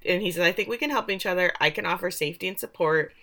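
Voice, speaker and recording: A woman co-hosting a podcast, recapping a TV episode in casual chat, animated and sarcastic, swearing offhand. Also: lowish voice, very fast. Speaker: podcast co-host recapping a TV show.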